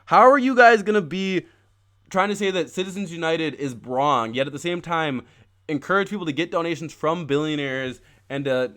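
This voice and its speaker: A man's voice: a little high, moderate pace, a bit bright. Angry, profane man on a political rant. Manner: heated, profane, growing angrier; reads quoted text aloud, then riffs. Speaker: political podcast host. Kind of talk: ranting political commentary.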